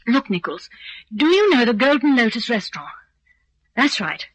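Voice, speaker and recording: An actress playing a brisk, capable young secretary giving orders in a vintage radio drama. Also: female voice, a little high, very animated, no room sound, rough recording. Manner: brisk, efficient, commanding.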